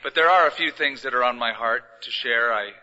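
A middle-aged pastor preaches a little fast in a mid-range voice that's very bright and forward, keeping his sermon conversational and gently funny. The hall of the large church auditorium adds a long reverb tail to a dull, lo-fi recording.

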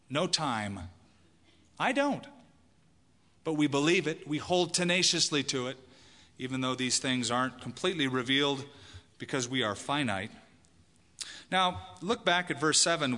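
A man's voice: a little high, sharp tone. A man preaching a sermon to a congregation as pastor, emphatic and asking the listeners questions. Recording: long hall reverb.

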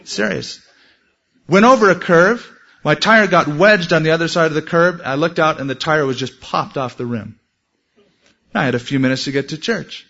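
A man's voice: on the high side, normal speed, vocal fry, a bit bright. A man preaching a sermon in an earnest way, telling a personal story and quoting scripture and prayers. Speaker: pastor. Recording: dull lo-fi sermon recording.

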